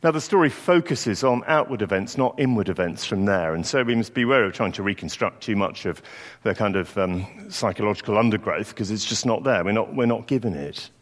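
A man's voice: fairly low pitch, animated, fairly quick. Man preaching in a reverberant hall. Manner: reflective, storytelling delivery with acted quotes. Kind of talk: sermon.

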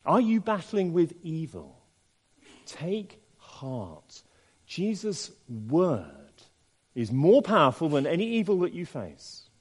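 A man preaching a sermon in an expressive way, asking the listeners many rhetorical questions. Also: on the high side, slow, breathy edge. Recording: long reverb in a large hall.

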